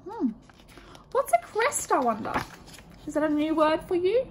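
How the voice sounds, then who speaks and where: A woman student teacher reading a picture book aloud to children, expressive and stopping to ask them questions. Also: very high voice, a little slow, long pauses, a little hiss or hum.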